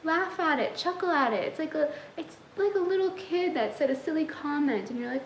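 A woman's voice: high-pitched, animated, fairly quick, few pauses, echoey room, slight background noise, poor audio. A young woman who coaches manifestation, giving a sassy, tough-love motivational talk straight to her viewers.

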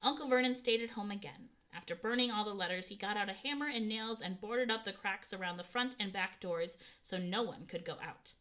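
A woman's voice: medium pitch, fairly quick, few pauses, fairly bright tone. A woman reading a children's novel aloud, narrating expressively and giving the characters voices. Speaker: audiobook reader.

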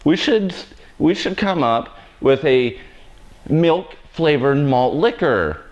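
A man's voice: a little high, expressive, takes it slowly, muffled recording. A man hosting a live haircut tutorial, cracking self-mocking jokes and blunt asides as he cuts. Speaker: hairstylist host of live haircutting show.

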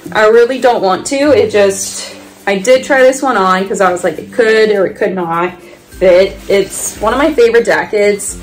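A woman's voice: medium pitch, poor audio. A young woman from California chatting casually and playfully in her own vlog. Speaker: vlogger.

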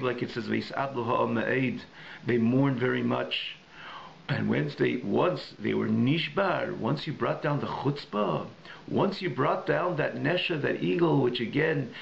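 A male rabbi gives a class in a synagogue, his voice deeply gravelly with fry. He circles each idea in several phrasings and drops in Hebrew and Yiddish terms. The recording is a little dull, with faint room noise behind him. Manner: thinking aloud with frequent restarts and searching pauses. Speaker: rabbi teaching a Tanya class. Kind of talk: recorded adult education class.

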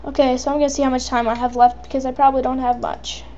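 Woman gamer, high voice, excitable chatty commentary, muffled lo-fi mic. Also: quick pace, slight background noise. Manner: excitable, chatty, talks to viewers. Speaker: let's play gamer. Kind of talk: live gameplay commentary.

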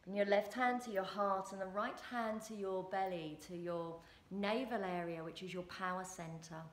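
A woman, a relationship coach and yoga teacher, guiding listeners through a movement and breath practice. Her calm instructions build into loud rhythmic chanting. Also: medium pitch, normal speed, reverberant.

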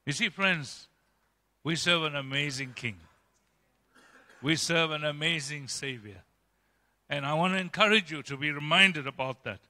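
A male pastor preaching a sermon emphatically, swinging between loud, raised passages and quiet, low ones. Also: animated, a little slow. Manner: emphatic preaching with dramatic swings in pitch and loudness. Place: church. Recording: long church-hall reverb.

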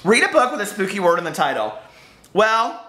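A man's voice: high-pitched, big pitch swings, fairly quick, bright, forceful tone, roomy sound. A man chatting casually and playfully to camera as a book vlogger.

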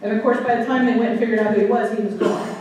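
A woman's voice: fairly high pitch, steady tone, rapid-fire, darkish tone, slight background noise. Chatty woman speaker in an echoey room. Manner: chatty, storytelling, checks in with the audience. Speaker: guest speaker. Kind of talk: anecdotal talk to a club audience. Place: meeting room. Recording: echoey room, mic at a distance.

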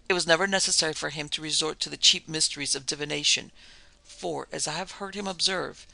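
A man reading a classic ghost story in a measured, formal storytelling manner. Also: on the high side, creaky, bright, forceful tone, dry recording. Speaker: narrator and producer.

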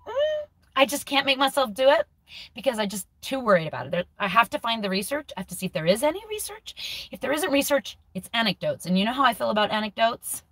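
A woman's voice: on the high side, a bit bright, dry recording. Candid woman in her forties, dry sound. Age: 40s. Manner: candid and emotional, thinking aloud with restarts. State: close to tears. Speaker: vlogger. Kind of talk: personal video diary.

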